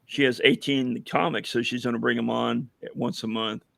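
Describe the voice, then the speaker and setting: Hoarse man with a creaky voice. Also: medium pitch, fairly even intonation, moderate pace, a bit bright, no room sound. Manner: rambling, many fillers, tells jokes. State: hoarse, losing his voice. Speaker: veteran guest running a coffee business. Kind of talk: casual livestream chat.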